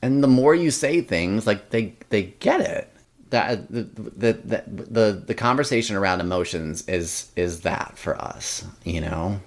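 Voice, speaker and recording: A man's voice: fairly low pitch, lively intonation, measured pace. A young adult man, a podcast guest, chatting casually, rambling with many fillers and restarts and acting out quotes from his family. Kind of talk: casual interview chat.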